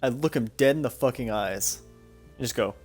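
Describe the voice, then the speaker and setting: A man's voice: medium pitch, moderate pace, a little mellow, soft background music. A young man streaming a game, telling stories in a rambling, profane way and laughing often. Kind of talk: casual storytelling while playing a game.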